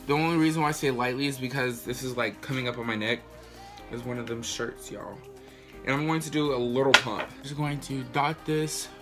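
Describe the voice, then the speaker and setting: A man's voice: on the high side, a bit bright. A man talking casually through a makeup tutorial, chatty and slangy, explaining each step while he works. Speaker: makeup vlogger.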